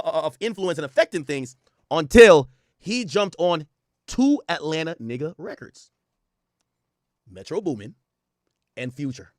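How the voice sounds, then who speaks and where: A man's voice: fairly high pitch, fairly bright tone, no room sound, clean studio sound. A man hosting a reaction commentary, ranting with profanity and repeating his points for emphasis. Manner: repetitive, emphatic. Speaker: host.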